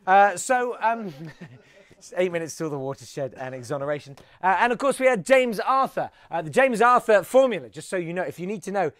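A man's voice: high voice, expressive, normal speed, fairly bright tone, no echo. A man hosting a solo live comedy webcast, talking in a wry, rambling way with many fillers and restarts. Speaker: host.

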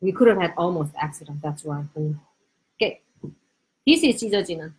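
A woman teaching Korean on a live lesson, animated, switching between Korean and English, with uneven English grammar. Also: lowish voice, fast talker, husky. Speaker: Korean language teacher, host. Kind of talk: live-stream language lesson.

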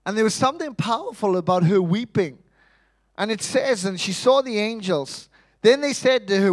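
High-voiced man preaching an animated sermon. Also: moderate pace, dry recording, rough recording. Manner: lively, humorous, acts out quoted voices; calls for responses from the congregation. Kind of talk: Easter sermon.

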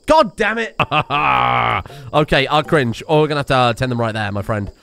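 A man giving excitable, sweary let's play commentary and yelling at the game. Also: mid-range voice, moderate pace, gravelly, clear, resonant tone. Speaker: game streamer.

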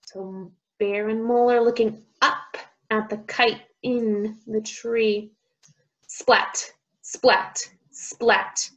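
A woman speech teacher reading a picture book aloud to young children, sounding out words slowly and with exaggeration. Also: on the high side, fairly even intonation, highs cut off.

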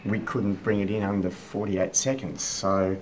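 A middle-aged man, a voiceover artist, telling a story in a hesitant, halting way with lots of pauses. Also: fairly low pitch, little pitch movement, a little mellow, a little hiss or hum. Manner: hesitant, halting with many ums. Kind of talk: mockumentary interview anecdote.

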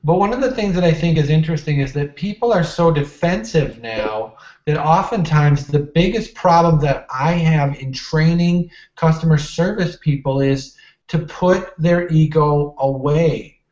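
A man's voice: fairly high pitch, unhurried, darkish tone, echoey room, lo-fi sound. A man talking as an interview guest and customer service manager, earnest and explanatory in manner. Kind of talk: casual interview talk.

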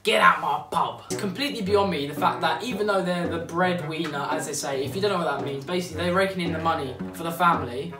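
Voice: mid-range voice, fast, hardly any pauses. A vlogger delivering a sarcastic, exasperated comedic rant to camera, rambling and full of fillers. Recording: roomy, distant mic, music behind.

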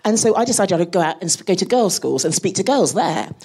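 A woman space scientist talking as a guest on a live panel, lively and laughing as she tells stories. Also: lowish voice, fast talker, husky. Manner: animated, laughing, storytelling. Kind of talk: live podcast panel talk. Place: live audience at a museum event.

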